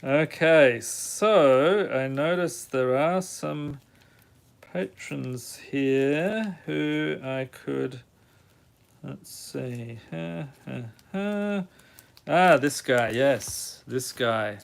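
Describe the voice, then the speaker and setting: A man's voice: medium pitch, extremely slow, vocal fry. A man with a Chicago accent streaming a card-pack opening, reading out card names and chatting with his viewers. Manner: reads card names in a steady list, then chats with viewers. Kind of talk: casual live-stream chat.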